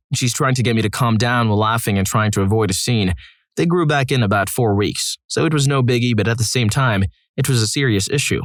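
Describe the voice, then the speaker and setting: A man's voice: fairly low pitch, fast talker, dry recording. A man narrating read-aloud stories in a scripted style, adding wry, dry asides between them. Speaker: story narrator.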